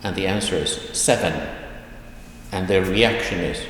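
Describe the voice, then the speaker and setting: A man teaching an online language lesson, Swedish his first language, reading dialogue lines slowly and carefully, then explaining them. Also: deep voice, a bit bright, slight background noise. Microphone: online lesson recording. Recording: echoey room with long reverb.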